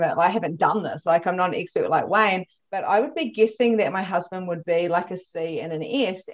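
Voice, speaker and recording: A woman hosting a podcast, chatting casually and telling animated stories with frequent laughter. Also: medium pitch, highs cut off. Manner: animated storyteller, laughs often. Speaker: podcast host. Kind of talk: casual chat.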